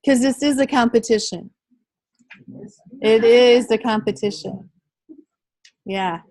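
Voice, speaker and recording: A woman's voice: on the high side, slow, a little mellow, poor audio. Conversational woman leading a workshop. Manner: conversational, addresses the group directly. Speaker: trainer. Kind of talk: live workshop training.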